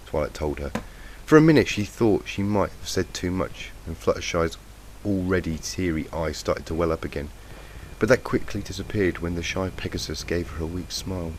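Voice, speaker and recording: At a moderate pace, a low-voiced man reads a fanfic aloud, plain and lightly emotive, sounding croaky because he has a cold. The recording is noisy and lo-fi from a cheap, faulty home mic.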